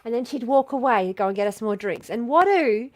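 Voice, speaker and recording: A woman's voice: fairly high pitch, brisk, no room sound. An Australian woman chatting casually as a podcast host, telling stories with lots of swearing and laughter. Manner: animated storytelling, swears often, laughs a lot. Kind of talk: casual chat.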